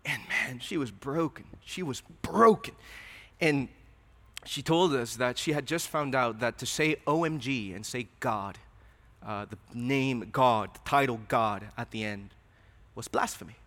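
A man's voice: medium pitch, a little slow, a bit bright. A man preaching a sermon, earnest and questioning, often repeating his words. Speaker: pastor. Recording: reverberant hall.

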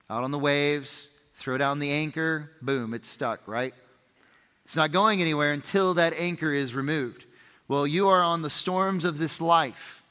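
A man delivers a sermon with a bright, forward voice pitched a little high. He keeps it conversational, checks in with his listeners, and hammers his points through repetition. A long hall reverb trails behind every phrase. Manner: emphatic repetition. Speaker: pastor.

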